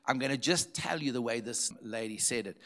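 A man's voice: medium pitch, fairly quick, a bit bright. Emphatic man preaching a story sermon. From Zimbabwe. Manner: emphatic, repeats key phrases for effect. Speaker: pastor.

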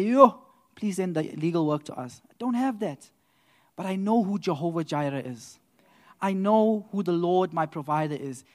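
A man giving a church testimony that builds into preaching, telling his story with laughter and loud outbursts. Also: sits high. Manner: animated storyteller who laughs and swells into loud exclamations.

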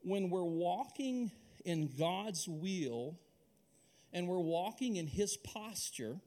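A middle-aged male pastor from Alaska preaching a sermon, telling a personal story in an animated, conversational way with many restarts. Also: high-pitched, slow pace.

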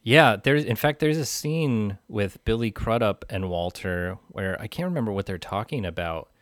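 Deep-voiced man discussing films. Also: animated, normal speed, no echo, studio quality. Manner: thoughtful, rambling with fillers. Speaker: film podcast co-host. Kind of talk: casual film discussion.

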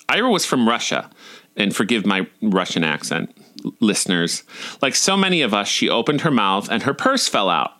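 A man's voice: fairly low pitch, pushed and bright. A man in his forties reading his personal essays aloud in a wry, dryly comic way. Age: 40s. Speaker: storyteller.

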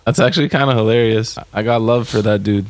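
A man's voice: lowish voice, quick pace. A man hosting a podcast interview, laid-back and chatty, swearing and reacting to his guest. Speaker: podcast host. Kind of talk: casual chat.

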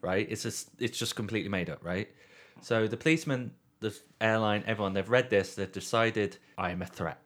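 A man in a casual podcast chat, telling a long story with swearing and deadpan readings. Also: on the low side, a little fast.

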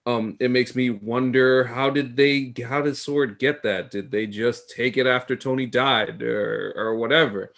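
A man's voice: medium pitch, fairly even intonation, a little slow, creaky, hardly any pauses, fairly bright tone. A man co-hosting a podcast in casual chat, thinking aloud as he goes. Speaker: podcast co-host.

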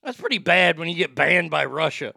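A man hosting a podcast in a loud, mocking, casual comedic style, laughing at his own jokes. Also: on the high side, animated, brisk, gravelly, over loud music. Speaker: podcast host.

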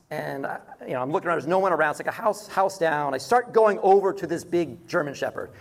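A man's voice: fairly high pitch, fairly quick, gravelly, few pauses. A man preaching a conversational sermon as pastor, telling a personal story and closing in prayer. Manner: conversational, storytelling with animated asides.

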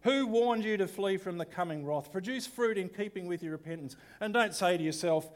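A pastor voicing a fiery ancient male prophet, declaiming loudly and sternly. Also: high voice, a little fast, close to an everyday voice. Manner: loud declaiming condemnation.

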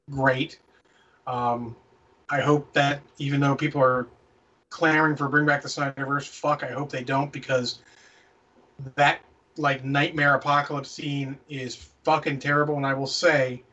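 A man's voice: medium pitch, fairly bright tone, distant mic, highs cut off. A man co-hosting a casual movie review podcast, opinionated and ranting, swearing freely. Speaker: podcast co-host.

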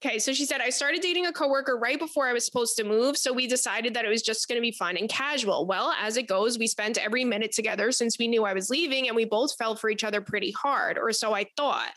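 A young adult woman hosting an advice podcast, talking in a casual, rambling way, cursing often and telling animated stories. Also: on the high side, fast talker, hardly any pauses, no echo. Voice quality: animated, profane, rambling storyteller. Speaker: podcast host.

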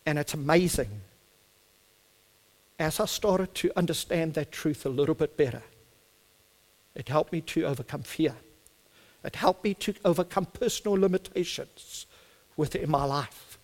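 A middle-aged South African man preaches with fervour, his voice sitting a little high for a man and swelling to emphatic peaks. His first language is Afrikaans, and the accent comes through clearly. The sound rings with a long hall reverb. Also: unhurried, long pauses. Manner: fervent, building to emphatic climaxes. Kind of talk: sermon.

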